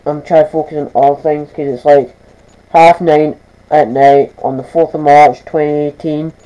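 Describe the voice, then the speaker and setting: Stammering teenage vlogger. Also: male voice, a little high, level tone, moderate pace, mellow, highs cut off. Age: teens. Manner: stammering, restarting sentences. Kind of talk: casual vlog to camera. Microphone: camera mic.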